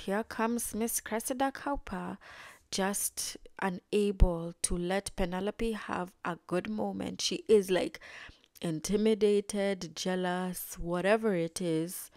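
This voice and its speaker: A woman's voice: fairly low pitch, a little mellow, no room sound, clean studio sound. Chatty young woman recapping an episode. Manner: chatty, acts out characters' lines in quotes. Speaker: video reviewer.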